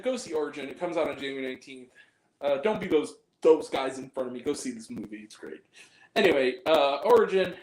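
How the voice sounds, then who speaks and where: Man, high voice, angry vlog rant, profane, repetitive, roomy echo. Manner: profane, heated, repeats himself. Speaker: movie review host. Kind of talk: angry ranting vlog monologue.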